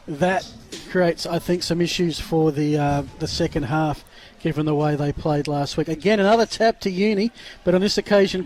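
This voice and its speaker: A man calling play-by-play at a local football match, excitable and quick to ramp up. His voice is notably high for a man. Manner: excitable play-by-play, builds to shouting. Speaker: lead football commentator. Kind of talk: live sports commentary.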